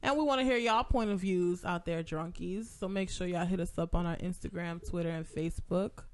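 A man's voice: high-pitched, brisk. A man hosting a podcast in casual chat, upbeat and often laughing. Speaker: podcast host.

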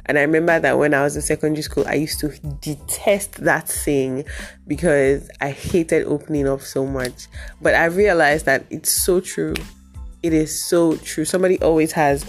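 A woman hosting a casual motivational podcast, talking animatedly and jumping high when she acts out her own reactions. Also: moderate pace, soft background music. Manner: animated, jumps to high excited pitch when acting out reactions. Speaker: podcast host.

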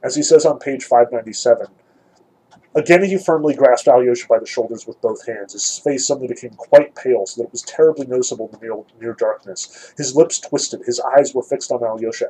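A man's voice: mid-range voice, moderate pace, mellow, breathy edge, poor audio. A man giving a thoughtful, emphatic lecture on a novel, reading passages aloud and picking them apart. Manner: thoughtful, emphatic, some restarts. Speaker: literature lecturer.

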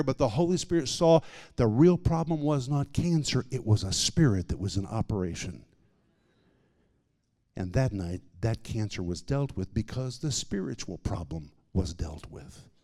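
Guy preaching a sermon story, mid voice, goes quiet then loud for drama. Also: medium pitch.

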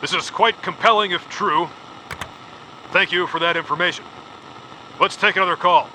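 A man's voice: high-pitched, normal speed, sharp tone, slight background noise, poor audio. A man playing a pompous, rotund male talk-radio host who takes calls in long-winded formal phrasing.

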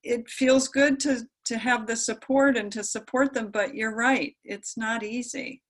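A woman hosting a podcast interview, calm, affirming and gently encouraging. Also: fairly high pitch, unhurried. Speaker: podcast host. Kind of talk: conversational interview.

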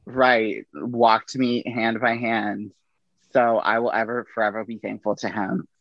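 A middle-aged man, a podcast guest, telling personal stories in a relaxed, casual way, acting out the people he quotes. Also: on the low side, unhurried, no room sound, lo-fi sound. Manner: relaxed anecdotal delivery with quoted dialogue. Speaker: podcast guest, army veteran. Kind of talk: casual storytelling.

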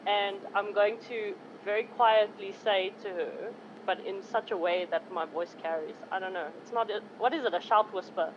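A woman describes her character's actions at a tabletop game, deliberately and plainly. Her voice is mid-pitched and sounds dull and lo-fi. Faint noise sits underneath. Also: steady tone. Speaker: player. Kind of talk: tabletop role-play.

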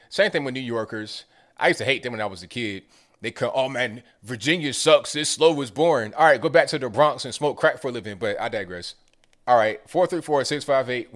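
A man's voice: medium pitch, a bit bright. A man hosting a call-in show, talking loosely and chattily with offhand asides. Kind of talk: casual call-in talk.

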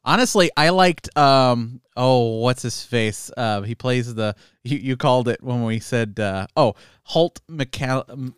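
A laid-back man co-hosting a casual podcast about a film, mostly agreeing and hunting for words. His voice is smooth and resonant at an average pitch, recorded close and dry. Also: unhurried, hardly any pauses, no echo. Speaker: podcast co-host. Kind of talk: casual movie review chat.

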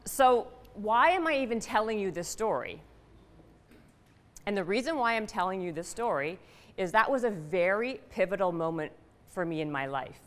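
Animated woman storyteller in a big hall. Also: medium pitch, moderate pace. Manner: animated, punchy, addresses the audience with questions. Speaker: speaker telling a personal story to an audience. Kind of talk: storytelling talk. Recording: reverberant hall.

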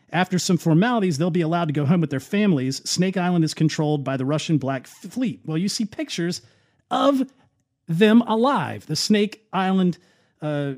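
Sarcastic man with a slightly high voice. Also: a little mellow. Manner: sarcastic, scoffing, conversational with fillers. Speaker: commentary show host. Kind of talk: opinionated political commentary.

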